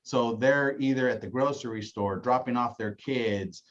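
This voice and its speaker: A man's voice: mid-range voice, normal speed, dull audio. A man coaching colleagues on setting phone appointments, acting out calls and often tagging his points with "right?". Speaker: insurance agency director. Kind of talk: casual training talk.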